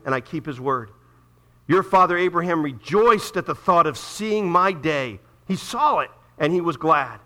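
Male pastor, high bright voice; emphatic sermon delivery with repeated points and questions to the congregation.

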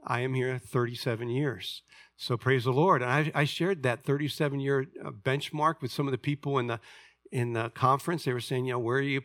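Older man, pastor, sermon, storytelling, loud then hushed, mid-pitched, dry close sound. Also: dry recording. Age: 60s. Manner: storytelling, swings from loud emphatic reading to quiet confiding asides.

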